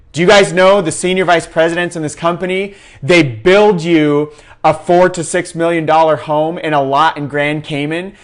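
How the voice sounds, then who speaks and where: A young man giving a passionate, preachy recruiting talk to his sales team. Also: high voice. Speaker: team leader in a sales network. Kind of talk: fervent recruiting pitch.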